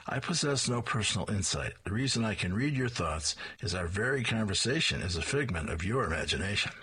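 A man voicing a calm, matter-of-fact talking hat from a comic strip. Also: lowish voice, brisk, slightly rough, heavily acted. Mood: dry.

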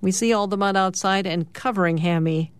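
A middle-aged woman, a radio host, describing the morning's comic strips aloud in a lively storytelling way. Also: mid-range voice, brisk, smooth, dry recording. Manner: lively storytelling, lifting her voice for characters' lines.

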